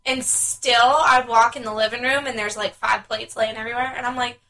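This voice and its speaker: Woman co-host, high bright voice, blunt exasperated swearer. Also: steady tone, brisk, rough recording. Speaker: podcast co-host. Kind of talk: casual chat.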